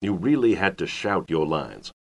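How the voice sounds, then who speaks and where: A reflective older playwright from the Elizabethan stage reminisces in a measured first-person voice, acted by a man. The voice sits very low yet moves with lively rises and falls. It is paced evenly for a scripted listening exercise. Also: vocal fry, heavily acted. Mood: reminiscing. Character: older male Elizabethan playwright looking back.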